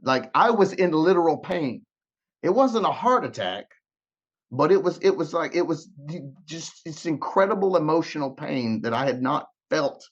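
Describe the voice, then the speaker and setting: On a podcast, a male guest tells an emotional story, acting out the dialogue and often repeating or restarting words. His voice runs on the high side with lively intonation at a moderate pace, though the audio sounds dull.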